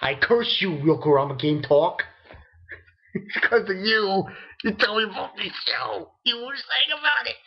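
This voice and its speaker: Excitable, profane young man reviewing anime. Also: measured pace, dull audio. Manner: excitable and profane, rambling, jumps into shrill disbelief. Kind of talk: casual webcam review rant.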